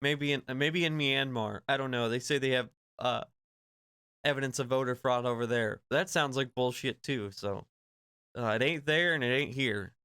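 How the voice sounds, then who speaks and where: A man's voice: mid-range voice, moderate pace, bright, forceful tone, clear, resonant tone, no echo. A man streaming a sarcastic, joking reaction to an interview clip, laughing and swearing as he talks. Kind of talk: casual reaction commentary.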